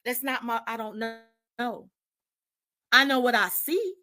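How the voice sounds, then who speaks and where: A woman's voice: fairly high pitch, expressive, slow, pushed and bright, soft background music. A woman giving indignant live commentary, repeating herself for emphasis and lecturing her viewers. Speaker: commentary streamer.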